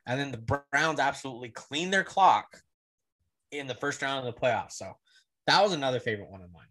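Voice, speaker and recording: A young man co-hosting a casual sports podcast, blunt and animated, swearing casually and laughing through his stories. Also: mid-range voice, brisk. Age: young adult. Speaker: podcast co-host.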